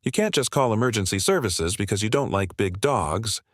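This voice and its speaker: A man's voice: on the low side, lively intonation, moderate pace, no echo, clean studio sound. A man voicing a polite elderly man. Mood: reasoning.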